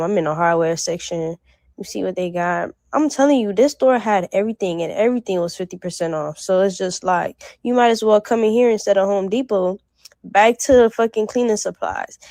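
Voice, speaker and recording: A young woman from the North Miami area rambles excitedly in a casual vlog, full of slang. Her voice sits at a middle pitch and sounds close and dry, with no room around it. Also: no room sound. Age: young adult. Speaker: vlogger.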